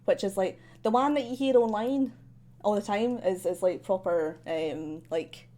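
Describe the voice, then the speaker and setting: A young woman from central Scotland with a softened, slightly posh Scottish accent, chatting casually while drawing on a stream, rambling with many ums and likes and laughing often. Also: medium pitch, unhurried.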